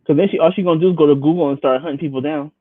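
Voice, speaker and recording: A man co-hosting a casual chat about a reality show, animated and acting out the people he talks about. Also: a little high, rapid-fire, no echo. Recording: tinny phone line.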